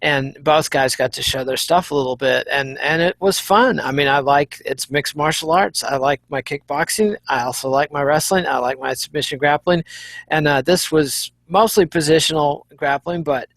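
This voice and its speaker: A man co-hosting a casual post-fight chat, measured and wry, running through results with dry humor. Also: fairly high pitch, a bit bright, no echo. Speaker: co-host.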